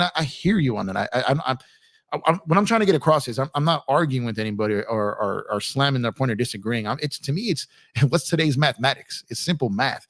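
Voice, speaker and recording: Young male streamer, relaxed chatty delivery, repeats himself for emphasis, dry mic. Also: mid-range voice, dry recording. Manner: conversational, repeats phrases for emphasis, addresses chat as man and y'all. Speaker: livestream host. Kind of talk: casual live-stream chat reading viewer comments.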